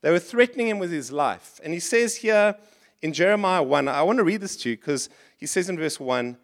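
High-voiced pastor preaching. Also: male voice, fairly quick. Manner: animated, acts out complaining voices in higher pitch. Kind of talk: sermon. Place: church.

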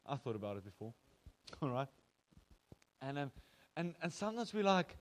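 A man's voice: mid-range voice, big pitch swings, moderate pace, long pauses. A man with a South African accent preaching a sermon as pastor, telling the story conversationally and acting out quoted voices.

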